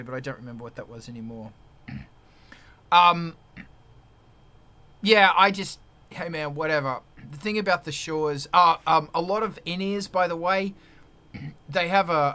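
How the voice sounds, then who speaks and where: A man hosting a live stream as a musician, talking in a rambling, excitable, teasing way. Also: on the high side. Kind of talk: casual live-stream chat.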